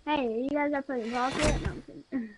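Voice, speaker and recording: A high-voiced woman rambles through a casual let's-play, excitable and quick to gasp or laugh. Her voice sits up high, and a steady wash of noise and clicking runs underneath the recording. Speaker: gameplay commentator. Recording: noisy background with clicking.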